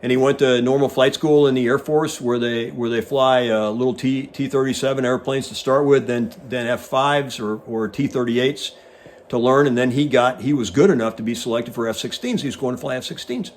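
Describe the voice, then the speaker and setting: A man in his sixties, a retired Navy pilot hosting, casually telling an animated anecdote and acting out the dialogue. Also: mid-range voice, fairly quick, a little hiss or hum. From United States. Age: 60s. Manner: animated storyteller who acts out quoted dialogue.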